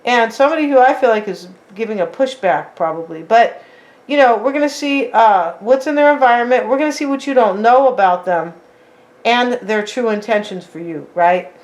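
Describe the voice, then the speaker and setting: At a moderate pace and with a darkish tone, a woman whose voice sits somewhat high talks viewers through a tarot spread. She keeps it loose and chatty, dropping "like" and "right?" throughout and speaking to the audience as "you guys".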